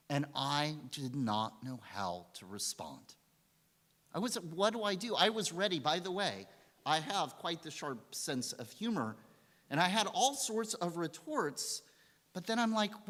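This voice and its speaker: A woman rabbi telling a story in a sermon, in an animated storytelling manner. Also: low-pitched, a little slow. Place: synagogue sanctuary. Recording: reverberant hall.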